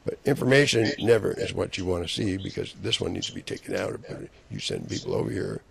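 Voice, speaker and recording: Low gravelly guy ranting and cursing, rambling on and on. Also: wildly swooping pitch, brisk, noisy background. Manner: angry, profane, rambling ranting. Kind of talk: rambling monologue.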